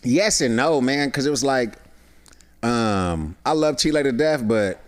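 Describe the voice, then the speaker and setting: A man's voice: mid-range voice, unhurried. A man, a guest actor and comedian, telling stories in a casual chat and acting out the voices of people in them. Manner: animated, acts out voices in his stories. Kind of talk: casual storytelling.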